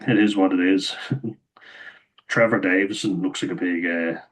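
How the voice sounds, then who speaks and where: A young Irish man talks through his rugby picks in a low, level voice that rarely rises or falls. He is chatty and opinionated, laughing as he goes, and his voice sounds a bit hoarse. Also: fairly even intonation, a little slow, low-quality recording. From Ireland. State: slightly hoarse, losing voice. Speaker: rugby pundit vlogger. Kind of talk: casual rugby commentary.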